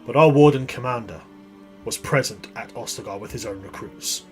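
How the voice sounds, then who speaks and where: A man voicing a stern, grim male warden soldier who speaks in low, quiet, clipped commands over faint music. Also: normal speed, natural voice.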